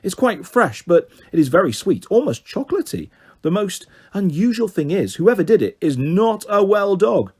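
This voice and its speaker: A man voicing a small, eager male dog detective in a storybook reading, in a high, keen voice. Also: very animated, normal speed, a little mellow, husky, heavily acted.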